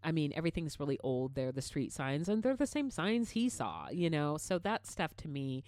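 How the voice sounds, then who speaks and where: Middle-aged woman w a low voice, chatty storyteller, lots of likes and ums, swears a bunch, dry close sound. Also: normal speed, no room sound. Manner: animated storyteller, swears freely, many fillers. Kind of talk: casual chat.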